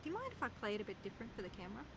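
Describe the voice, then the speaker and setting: A cold, scheming partner. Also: female voice, mid-range voice, huge pitch swings, rapid-fire, a little hiss or hum. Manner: curt, clipped.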